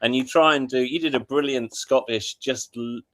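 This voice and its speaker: Man, casual video call chat, hesitant, stumbling, middle pitch. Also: fairly even intonation, moderate pace, a bit bright. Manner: hesitant, stumbling over words, laughing often. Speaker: live stream panelist.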